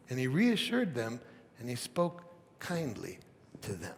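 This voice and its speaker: A man's voice: medium pitch, huge pitch swings, measured pace, creaky, long reverb tail. A man preaching a sermon as pastor, retelling a Bible story in a casual, conversational way. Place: church sanctuary.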